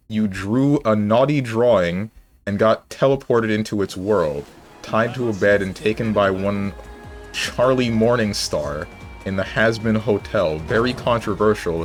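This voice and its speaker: A man putting on the voice of a pompous, posh upper-class English gentleman with slow, old-fashioned phrasing. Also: on the low side, soft background music, close to an everyday voice.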